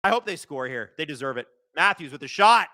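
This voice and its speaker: A young man hosting a live watch-along of a hockey game, calling the plays fast and shouting at the referees. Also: on the high side, no echo, clean studio sound. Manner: excitable, shouts and swears at the referees.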